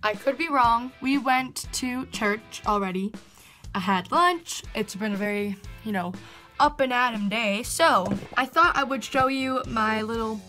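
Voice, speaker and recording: A woman's voice: on the high side, bright, forceful tone. A young woman chatting casually to camera in a home vlog, upbeat and talkative. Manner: chatty, upbeat, quick asides. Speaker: vlogger. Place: indoors at home.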